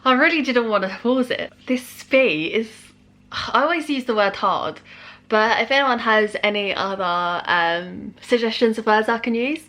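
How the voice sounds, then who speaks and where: A woman talking casually as she hosts a reaction video, chatty and quick to laugh. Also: a little high, a bit bright, a little hiss or hum. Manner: chatty, pauses the track to comment, laughs often.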